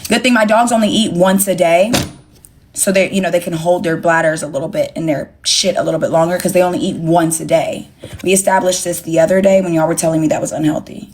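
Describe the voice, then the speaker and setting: Streaming live from her phone, a young woman with a lowish, darkish voice speaks quickly and with fairly even intonation. She's blunt, sassy and swears plenty, ranting directly to her chat over slight background noise.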